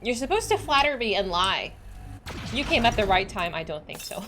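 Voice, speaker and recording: A woman's voice: mid-range voice, sing-song, moderate pace, background noise. A woman streamer chatting casually and swearing freely while she plays a game. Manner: bubbly, giggly, swears freely. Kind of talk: casual gaming livestream chat.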